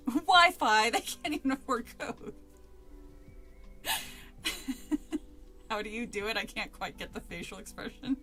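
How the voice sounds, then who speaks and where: A woman's voice: medium pitch, sing-song, measured pace, pauses often, bright, forceful tone, faint music behind. A woman streamer reading a book aloud, giggling and chatting between passages. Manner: giggly, chatty, self-interrupting. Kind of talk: casual read-along with chat.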